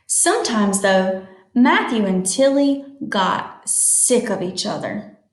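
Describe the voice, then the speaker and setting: A woman reading a picture book aloud to children, slowly explaining new words as she goes. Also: medium pitch, lively intonation, echoey room. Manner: slow, explains words to young listeners. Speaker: storytime reader.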